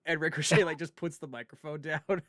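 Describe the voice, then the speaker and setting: A man's voice: a little high, a little fast, no room sound, clean studio sound. A man co-hosting a gaming stream, chatting casually and laughing as he tells stories. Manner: animated, laughs while telling stories. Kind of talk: casual chat while playing.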